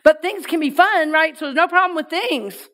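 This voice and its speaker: A woman minister giving a sermon to her congregation, lively and playful, inviting listeners to repeat her lines. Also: very high-pitched, normal speed.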